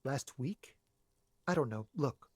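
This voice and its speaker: Brief: nervous young witness, guarded, slightly husky, dry close sound. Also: male voice, mid-range voice, expressive, takes it slowly, no echo. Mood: evasive. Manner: evasive, hushed, guarded. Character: nervous young male balcony smoker. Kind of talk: game voice acting.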